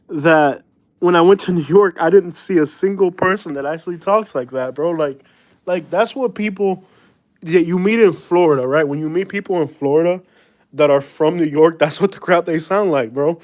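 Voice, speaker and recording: Male live streamer, loose rambling chat peppered with "bro", fairly high voice, dry close sound. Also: normal speed, a little mellow, dry recording. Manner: rambling, chuckling, lots of fillers and slang like "bro".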